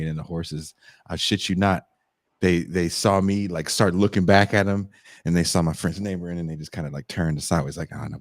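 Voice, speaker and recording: A man's voice: sits low, dry recording, studio quality. A man co-hosting a podcast, telling stories in casual chat with crude joking banter and frequent laughter. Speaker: podcast co-host.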